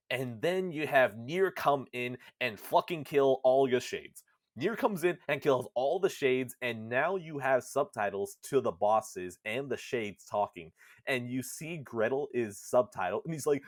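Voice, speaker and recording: A man chatting on a gaming podcast, telling the story with a lot of swing in his pitch and now and then slipping into goofy voices for the characters. The sound is close and dry, with no room in it. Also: lively intonation, a little slow, dry recording. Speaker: podcast host. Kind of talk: casual gaming podcast chat.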